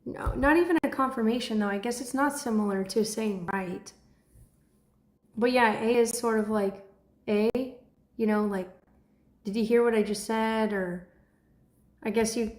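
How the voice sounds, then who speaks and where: A woman's voice: medium pitch, unhurried, long pauses, echoey room. A woman, chatting casually on a livestream and laughing often. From Texas. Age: 20s. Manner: chatty, laughs often, breaks into excited shouts. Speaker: livestream host.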